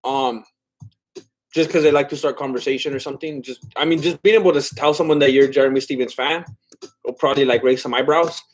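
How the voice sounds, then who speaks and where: A man's voice: medium pitch, steady tone, fast talker. A man hosting a casual live watch-along stream, reading viewer comments aloud while eating, chatty and a bit scattered, laughing often. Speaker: livestream host.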